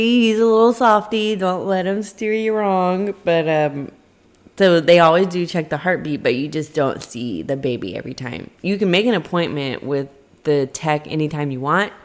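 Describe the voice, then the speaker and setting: A young adult woman casually telling a personal story to camera, chatty and animated, acting out quoted lines in a higher voice. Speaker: vlogger.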